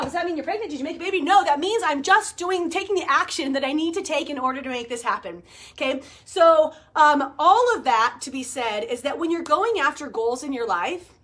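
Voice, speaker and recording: Bright high-voiced woman in her forties. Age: 40s. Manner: animated storyteller, laughing, swears casually. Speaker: vlogger. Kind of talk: casual chat to camera.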